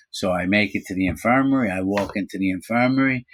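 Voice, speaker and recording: A middle-aged man casually telling a story from his own life, animated, acting out quoted voices, with frequent fillers. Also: lowish voice, fast. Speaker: storyteller recounting his prison time.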